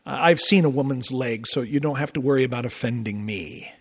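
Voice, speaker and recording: A man's voice: mid-range voice, a little fast. A man, a Lutheran pastor, preaching a sermon with emphatic rises and conversational asides. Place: church sanctuary. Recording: long church reverb.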